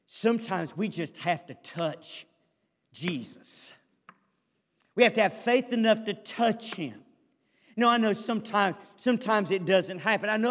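In a large hall, a male pastor with a high voice preaches a sermon. He reads scripture slowly, then presses his points with growing fervor.

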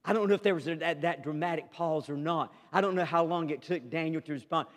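A man preaching a sermon as pastor, telling a story with dramatic swings between loud declarations and hushed asides. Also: on the high side, quick pace, long reverb tail.

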